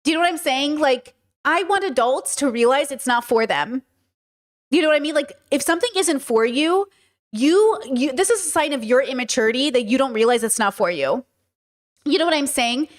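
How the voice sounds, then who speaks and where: Streamer, female, high voice, casual and animated, repeats herself, talks to chat. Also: normal speed. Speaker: livestream host.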